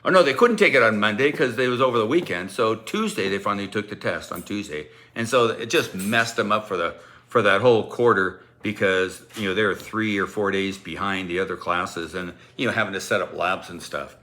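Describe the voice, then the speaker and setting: A male teacher telling a funny anecdote in a casual, animated way, laughing often and acting out the kids' voices. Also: lowish voice, brisk.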